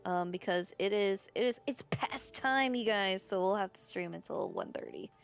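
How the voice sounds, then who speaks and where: Gravelly-voiced rural American woman streamer. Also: mid-range voice, wildly swooping pitch, moderate pace. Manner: rambling, giggly, irreverent. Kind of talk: casual live-stream chat. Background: faint game music.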